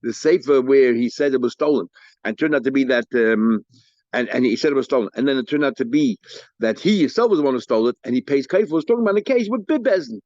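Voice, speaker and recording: A man teaching a daily Talmud lesson, mixing English with Hebrew and Aramaic study terms and acting out the litigants' lines in quick bursts. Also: mid-range voice, animated, darkish tone, no room sound. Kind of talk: daf yomi Talmud lecture. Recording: dull, lo-fi dry recording.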